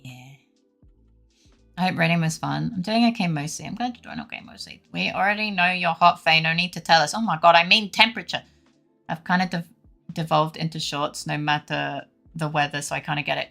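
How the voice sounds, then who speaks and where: A woman's voice: low-pitched, fairly quick, gravelly, a bit bright. A young woman streaming, chatting casually with viewers, laughing often and swearing freely while feeling a bit feverish. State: feverish, unwell. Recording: faint music behind.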